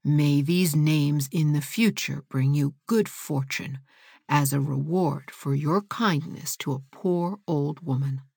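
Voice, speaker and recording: A feeble, kindly old woman from a fairy tale, voiced by a woman. She speaks slowly and weakly in a low, soft voice that sometimes thins to a whisper. The sound is close and dry. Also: creaky, slightly rough, no room sound, exaggerated voice. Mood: gentle, frail. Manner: slow, weak and soft, sometimes half-whispered.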